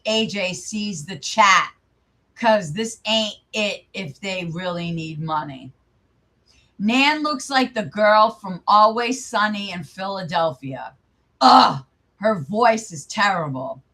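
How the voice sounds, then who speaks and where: A woman's voice: mid-range voice, bright, forceful tone. A young woman hosting her channel, casually commenting live in an angry, profane, rambling way. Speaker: channel host.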